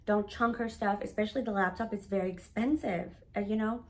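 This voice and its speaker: A woman's voice: medium pitch, brisk, slight background noise. Candid woman in her thirties telling a story. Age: 30s. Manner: candid, animated retelling with quoted dialogue. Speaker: vlogger. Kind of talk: personal storytelling to camera.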